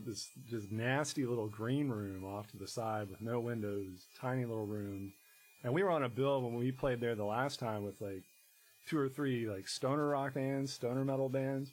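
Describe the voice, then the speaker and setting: A man, a musician guest in casual conversation, talking in a rambling, halting way full of restarts and fillers. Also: medium pitch, a little hiss or hum, rough recording.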